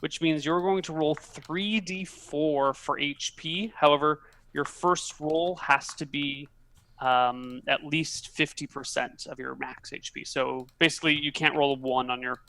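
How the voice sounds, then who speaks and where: A woman running a tabletop game as game master, explaining rules briskly and swearing casually. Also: low voice, steady tone, fairly bright tone.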